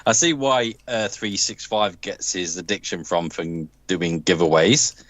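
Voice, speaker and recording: A man's voice: low voice, a little slow, fairly bright tone, dry recording, poor audio. An Englishman co-hosting a livestream in casual chat, enthusiastically describing things in lavish terms. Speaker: livestream co-host.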